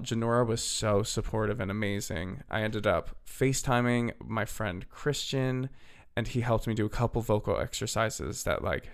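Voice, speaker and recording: A young man with a low, gravelly voice tells a story on his podcast in a loose, chatty way. He leans on "like" and "literally" as he goes, and his voice sounds a little worn and hoarse. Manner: chatty, filler-heavy, "literally" and "like". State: slightly hoarse, losing his voice. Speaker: podcast host. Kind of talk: casual storytelling.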